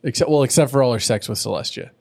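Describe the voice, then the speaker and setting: Creaky-voiced man rambling casually. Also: medium pitch, racing, darkish tone. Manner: rambling, crude, self-mocking jokes. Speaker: podcast co-host. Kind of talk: casual chat recapping a cartoon.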